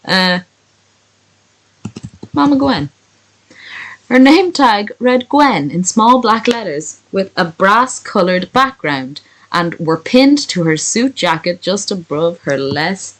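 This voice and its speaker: This woman reads a fan story for comic effect, interrupting herself with crude jokes along the way. Her voice sits on the low side and is animated but slow, and the audio quality is poor.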